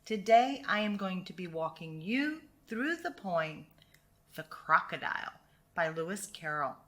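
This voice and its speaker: A woman from the United States teaching English through a poem, speaking slowly and clearly and encouraging learners to repeat after her. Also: fairly low pitch, very animated, a bit bright. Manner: slow, clear and encouraging, modelling pronunciation.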